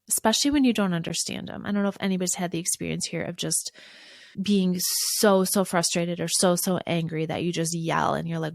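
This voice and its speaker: A woman hosting a solo parenting podcast, calmly teaching and acting out soothing words to a child. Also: fairly low pitch, creaky, no echo, clean studio sound. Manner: warm, coaching, acts out soothing lines to a child. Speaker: podcast host, parenting coach.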